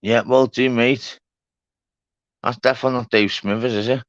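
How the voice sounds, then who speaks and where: A man's voice: mid-range voice, steady tone, normal speed, no echo. Blunt, sweary man. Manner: blunt, swears often, repeats himself. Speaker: livestream host. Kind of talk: casual live chat. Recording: dull lo-fi stream audio.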